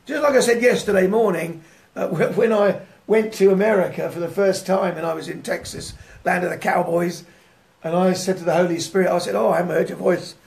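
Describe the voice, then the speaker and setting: A man preaching a devotional sermon in a lively way, often laughing and putting rhetorical questions to his listeners. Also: high-pitched, fairly quick, creaky.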